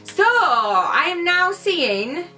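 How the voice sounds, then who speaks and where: A woman's voice: very high voice, sing-song, very slow, music in the background. A young British woman chatting casually while unboxing beauty products, playfully shifting her accent as she talks. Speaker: beauty vlogger.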